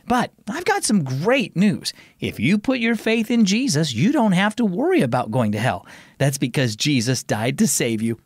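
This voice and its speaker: A man's voice: a little high, sing-song, moderate pace, husky, no room sound, studio quality. A man hosting a children's devotional program, narrating scripted stories in an upbeat, friendly way. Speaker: host.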